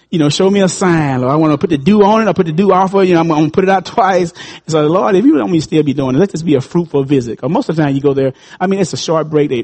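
A man in his fifties preaching with a high voice, rising to loud calls and dropping into low, quiet asides. He talks to the congregation in a lively, call-and-response way. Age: 50s. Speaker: pastor. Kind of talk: sermon.

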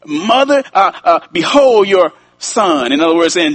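Husky-voiced man preaching a sermon. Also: high-pitched, big pitch swings, moderate pace, fairly bright tone, no echo. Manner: conversational preaching with repetition and asides to the congregation.

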